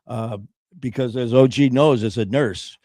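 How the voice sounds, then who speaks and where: In a relaxed, personal retelling, an earnest man halts frequently, fills gaps with "um," and restarts his thoughts. The recording is dry and close with no room sound, and his mid-range voice has a dark tone. Any quoted speech comes out in his own natural voice.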